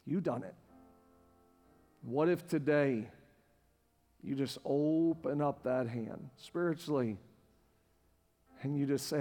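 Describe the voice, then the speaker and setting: A man preaching a sermon as pastor to a congregation in a church, passionate and repetitive, building to near-shouting. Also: a little high, slow pace, long pauses. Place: church sanctuary with live congregation. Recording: long hall reverb with faint music.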